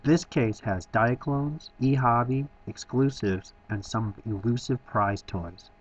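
A man's voice: mid-range voice, slow, husky, highs cut off. A man giving a scripted voice-over tour of a toy store, enthusiastic with wry asides.

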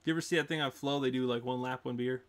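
A man's voice: mid-range voice, fairly even intonation, racing. Brief: male podcast host, easygoing, laughs a lot, banters with his guest. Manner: laid-back, laughs often, joking. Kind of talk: casual podcast chat.

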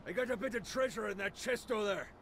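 Gravelly pirate captain, boastful, high-pitched, game audio, noisy backdrop. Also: male voice, quick pace, a bit bright.

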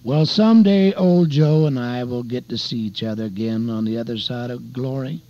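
A man's voice: medium pitch, moderate pace. An older man and evangelist preaching a folksy radio sermon, telling a testimony story and calling his listeners beloved and dear friends. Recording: dull lo-fi radio broadcast.

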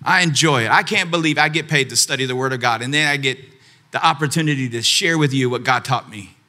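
A man's voice: mid-range voice, quick pace, sharp tone. A man preaching a sermon to his congregation with energy, often asking them to answer back and repeat after him. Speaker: pastor. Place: church auditorium.

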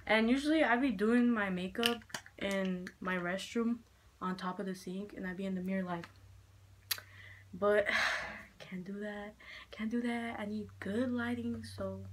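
A young woman vlogging a casual makeup chit-chat at home, frank and foul-mouthed, a little hoarse from being sick. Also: mid-range voice, a little slow, a little hiss or hum. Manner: chatty, frank, swears a lot. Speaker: beauty vlogger. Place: room at home with poor lighting. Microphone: handheld mirror in one hand, camera fixed.

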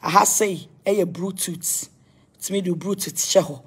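A woman's voice: lowish voice, steady tone, unhurried, husky. A Ghanaian woman vlogging casually at home, chatting to viewers in a loose mix of languages and blessing them. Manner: mixes Twi and English, chatty, blesses viewers. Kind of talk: casual home tour vlog.

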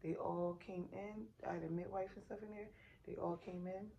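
Woman, 30s, AAVE, family vlogger. Exhausted, animated storyteller, low dark voice, light room noise. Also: moderate pace, vocal fry, dull audio. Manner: animated retelling, acts out quotes, addresses viewers as y'all. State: exhausted and sore after giving birth. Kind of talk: casual storytelling vlog. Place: hospital room.

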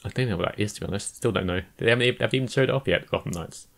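A man's voice: fairly low pitch, very fast, creaky. A man co-hosting a casual gaming podcast chat, laughing often and agreeing. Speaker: podcast co-host.

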